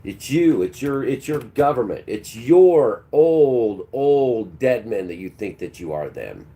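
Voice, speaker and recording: A man's voice: mid-range voice, very animated, slow, warm tone. A man hosting a livestream, delivering a preachy, combative monologue and talking back to his chat. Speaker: livestream host.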